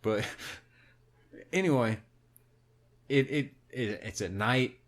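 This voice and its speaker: A man's voice: medium pitch, drawn-out words. A man co-hosting a podcast, telling a movie plot in casual, heavily profane chat. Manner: animated, heavy swearing, recounts a film plot. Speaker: podcast co-host.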